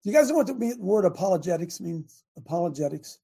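A middle-aged man hosting a fiery preaching talk show, speaking emphatically and often rising to shouts. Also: high voice, animated, quick pace, gravelly, breathy edge.

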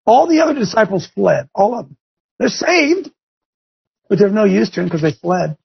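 A man's voice: high voice, very animated, normal speed, creaky, breathy edge. A man preaching to a group in a folksy, emphatic way, speaking straight to his listeners. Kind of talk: sermon. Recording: dull lo-fi recording.

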